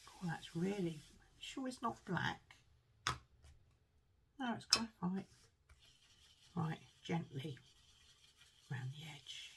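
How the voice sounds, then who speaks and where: Slow, gravelly woman crafting. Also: on the low side, expressive, noisy background. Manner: rambling, self-deprecating, muttering to herself as she works. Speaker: card-making crafter. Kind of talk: chatty crafting tutorial.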